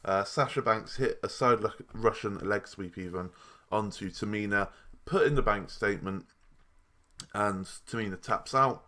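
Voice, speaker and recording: A man's voice: lowish voice, unhurried, pushed and bright. A young man giving a casual, rambling review of a wrestling show. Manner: chatty and rambling, with restarts and asides.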